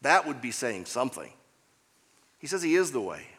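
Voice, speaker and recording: A man's voice: mid-range voice, sing-song, moderate pace, fairly bright tone, slightly rough, in a large hall. A man preaching a sermon as pastor, emphatic and repeating key phrases for weight.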